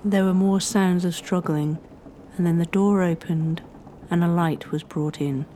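Female history narrator, mellow tone, measured scripted storytelling, faint noise behind. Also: fairly low pitch, steady tone.

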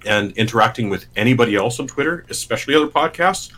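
A man's voice: medium pitch, lively intonation, fast talker, fairly bright tone, rough recording. A man from Canada co-hosting a podcast in casual chat, joking, swearing and eating on mic. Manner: eats on mic, swears, jokey. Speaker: podcast co-host.

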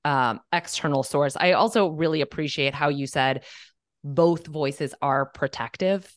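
A woman's voice: sits low, a little slow, dry recording, studio quality. A woman nutritionist co-hosting a podcast, talking reflectively in a casual conversation. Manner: reflective, thoughtful, frequent fillers. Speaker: nutritionist co-host.

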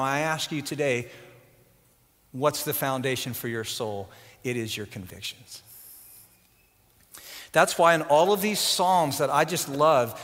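Pastor, male, high bright voice, fervent sermon delivery, long reverb of a big hall. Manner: impassioned, builds to loud emphatic peaks then drops quiet.

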